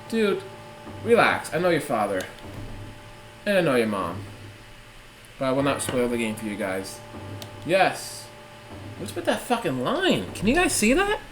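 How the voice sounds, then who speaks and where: A man casually commenting while playing a game at home, excitable and profane, chatting to viewers and his cat. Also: a little high, low-quality recording. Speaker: let's play host. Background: game music.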